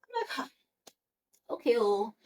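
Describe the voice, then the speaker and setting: A young woman, telling a personal story to camera in a casual, animated way and acting out the dialogue. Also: a little slow. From Nigeria. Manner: animated, acts out quotes with rising pitch, laughs between lines. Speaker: storytime vlogger.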